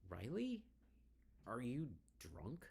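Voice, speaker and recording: A man reading as a young woman in a text adventure, pleading and strained as she tries to keep a steady voice. His deep voice is lifted only slightly, close to his own. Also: moderate pace, creaky.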